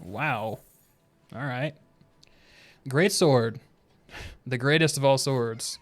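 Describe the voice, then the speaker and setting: A young man with a mid-range voice drags out his words as he plays a video game, offering casual, rambling commentary. He's a laid-back streamer who often laughs to himself and drifts into rambling asides.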